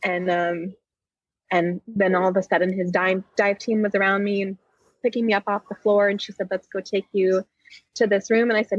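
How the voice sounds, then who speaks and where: A woman's voice: medium pitch, flat delivery, no room sound. Woman telling a painful story, muffled. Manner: halting, heartfelt retelling with restarts. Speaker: podcast guest. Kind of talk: emotional personal storytelling.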